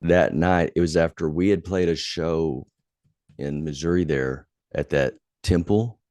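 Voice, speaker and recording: A man's voice: rumbling low, measured pace, dry recording. A man hosting a podcast, casually telling a story with lots of swearing, getting heated as he recalls old anger. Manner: profane, animated when retelling anger. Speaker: podcast host.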